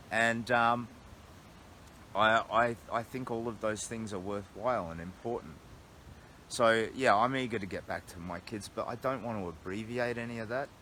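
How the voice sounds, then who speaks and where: Earnest Australian man with a lowish voice. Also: a bit bright, a little hiss or hum. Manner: earnest and reflective, thinking aloud with restarts. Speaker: long-distance walker livestreaming to followers. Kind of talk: casual reflective livestream talk. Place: camped outdoors at night in a storm. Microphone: phone livestream.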